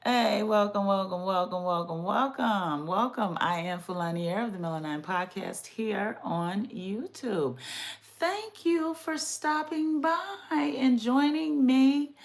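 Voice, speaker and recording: A woman hosting her podcast with sassy, animated casual commentary, talking straight to her audience. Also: mid-range voice, slow pace. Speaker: podcast host.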